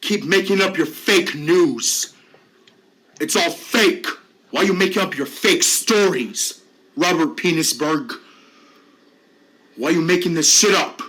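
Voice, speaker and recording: A man voicing a smug male officer and teacher who taunts in a low, slow, mocking drawl. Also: expressive, a bit bright, low-quality recording. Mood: smug, taunting.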